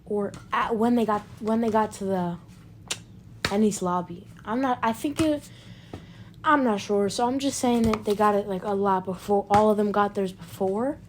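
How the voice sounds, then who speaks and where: A woman's voice: mid-range voice, steady tone, moderate pace, a little hiss or hum. A woman telling an improvised story in a rambling, casual way, full of fillers and restarts and free with swearing. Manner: swears freely. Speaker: fan storyteller.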